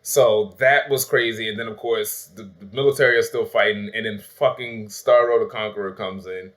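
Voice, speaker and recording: A man's voice: on the low side, steady tone, moderate pace, fairly bright tone. Profane man recapping a movie. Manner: loose and profane, acts out quotes with laughs. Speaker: host of a movie review channel. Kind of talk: casual spoilery movie review chat.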